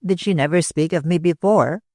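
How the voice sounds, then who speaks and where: A man reading a wary young gentleman. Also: a little high, normal speed, no room sound, studio quality, close to an everyday voice. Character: puzzled, touchy young gentleman.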